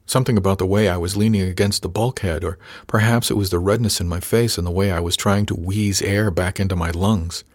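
A man reading a first-person novel aloud as an audiobook narrator, measured and lightly voicing the characters. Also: low-pitched, fairly even intonation, darkish tone, no room sound, studio quality.

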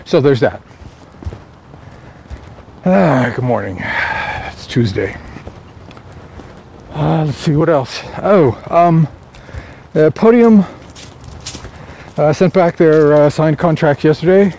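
Rambling man musing outdoors, mellow voice. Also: fairly high pitch, animated, takes it slowly, vocal fry, long pauses, slight background noise. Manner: rambling, musing, with frequent fillers and restarts. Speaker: author vlogging. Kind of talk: casual morning vlog.

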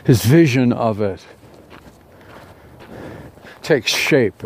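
A man tells a parable aloud in a mellow voice, unscripted and halting, with frequent restarts and fillers. A faint hum of noise sits behind him. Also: mid-range voice, animated. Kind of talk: oral storytelling of a parable.

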